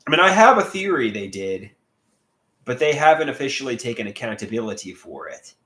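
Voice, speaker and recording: A man's voice: mid-range voice, big pitch swings, fairly quick, fairly bright tone, roomy sound. A man streaming live and reading chat, talking in an agitated, repetitive way with many stumbling restarts.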